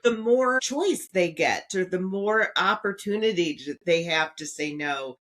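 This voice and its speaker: A middle-aged woman hosting a podcast, speaking in a warm, affirming way and asking questions of her guests. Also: fairly low pitch, expressive, measured pace. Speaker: podcast host. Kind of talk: casual podcast conversation.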